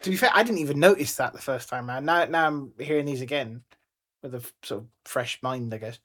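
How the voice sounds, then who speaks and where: A podcast co-host in casual chat, rambling and repeating words while thinking out loud. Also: mid-range voice, a little fast.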